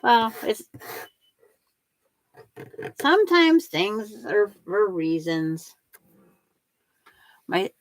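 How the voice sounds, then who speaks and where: A woman's voice: on the low side, expressive, slow, long pauses, a bit bright. An older woman hosting a quilting livestream, chatting with viewers and talking herself through each step as she sews. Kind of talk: casual chat while sewing.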